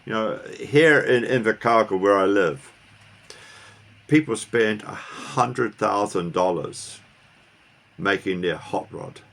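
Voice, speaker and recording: A man's voice: fairly low pitch, slow pace, gravelly, fairly bright tone. Rambling man vlogging to viewers. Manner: rambling, asks viewers questions, restarts. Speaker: car vlogger. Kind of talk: casual talk to camera. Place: New Zealand.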